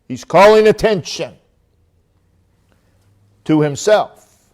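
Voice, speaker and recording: A pastor preaches an emphatic sermon with lively intonation, using long dramatic pauses. When quoting God, he drops to a low, quiet voice.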